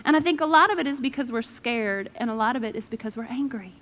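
A woman pastor giving a lively, joking sermon with dramatic pauses. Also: fairly high pitch.

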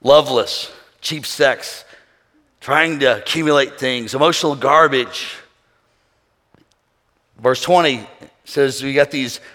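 A man preaching a sermon as pastor, swinging between quiet passages and shouted calls for praise. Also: medium pitch. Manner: preaching with shouted call-and-response bursts and acted quotes. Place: church sanctuary. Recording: reverberant hall with congregation.

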